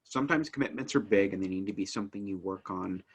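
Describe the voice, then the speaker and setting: A man who teaches family life, talking casually to the camera in an earnest, eager way while working to keep his pace slow and calm. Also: sits low, breathy edge. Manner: earnest, eager, works at speaking slowly and calmly; frequent fillers and restarts as energy rises. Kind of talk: casual instructional talk to camera.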